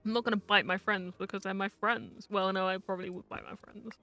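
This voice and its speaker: Streamer for a chatty gaming stream, teasing and rambling, bright and smooth, soft music underneath. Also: medium pitch, steady tone, a little fast. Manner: rambling, teasing, mutters to self while playing. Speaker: VTuber streamer. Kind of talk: casual live-stream chat while gaming.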